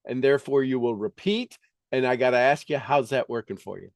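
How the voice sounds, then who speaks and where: A man's voice: medium pitch, a little fast, no room sound, studio quality. A man reading a self-help book aloud and breaking off into emphatic, preachy asides and questions to his listeners. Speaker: motivational book reader and coach.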